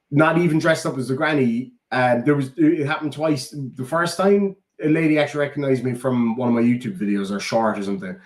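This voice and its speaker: A man with an Irish accent telling heartfelt stories in casual chat, swearing freely. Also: medium pitch. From Ireland. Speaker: podcast co-host. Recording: roomy echo.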